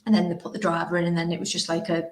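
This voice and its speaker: A young woman with a lowish voice talks openly and emotionally, wandering from thought to thought. Her voice sits in a roomy space with a clear echo around it. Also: little pitch movement, rapid-fire, darkish tone. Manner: emotional, rambling, frank. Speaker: podcast host. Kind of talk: casual conversation.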